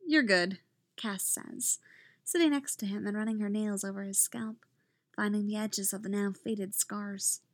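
A woman narrating a story aloud in a calm, even reading voice. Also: mid-range voice, normal speed, dry recording. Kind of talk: reading fan fiction aloud.

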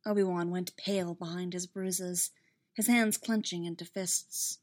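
A woman's voice: fairly low pitch, level tone, moderate pace. Woman reading a story aloud. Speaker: narrator. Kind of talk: fan fiction read aloud.

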